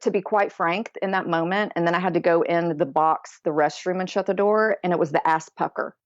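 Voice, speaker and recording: Animated woman telling a story, dull dry sound. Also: on the low side, fairly quick, dry recording. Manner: animated storyteller who acts out quoted voices. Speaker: podcast guest. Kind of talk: casual storytelling interview.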